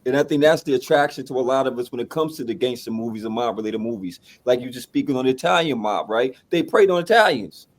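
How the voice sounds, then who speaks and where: A man's voice: mid-range voice, animated, fast talker, hardly any pauses. A man co-hosting a casual movie podcast, reflecting on a topic and laying out his points step by step, checking in with "right?". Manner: reflective, explains points step by step with tag questions. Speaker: podcast co-host.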